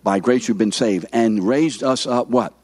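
A man's voice: medium pitch, a little slow, darkish tone, husky, dry recording. A man in his seventies, a pastor giving an interactive sermon who keeps asking the congregation questions.

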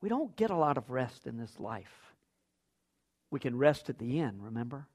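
A man's voice: medium pitch, very animated, normal speed, a little mellow. A man preaching a sermon as pastor, acting out quoted lines with big jumps in his voice.

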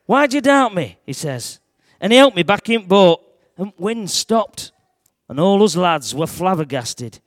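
A man telling a Bible story in the first person to a church audience, in broad dialect and shouting at the dramatic moments. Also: high voice, very animated, unhurried, no echo, studio quality.

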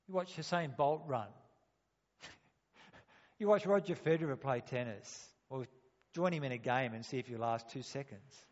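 A man's voice: medium pitch, unhurried, long pauses. A man preaching a sermon, asking rhetorical questions and acting out quotes. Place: church hall. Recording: dull sound, long hall reverb.

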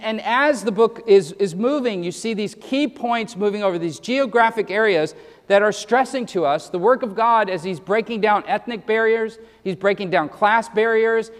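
Emphatic high-voiced preacher in a reverberant hall. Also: male voice. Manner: earnest, emphatic preaching with quick verse citations; repeats words when starting sentences. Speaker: pastor. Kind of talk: sermon.

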